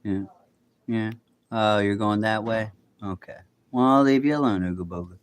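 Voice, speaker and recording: Guy livestreaming outside at night on his phone, lowish voice, rambly, talks to his animals. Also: steady tone, normal speed, clean tone. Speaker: livestream host. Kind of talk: casual livestream chat. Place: backyard outdoors at night.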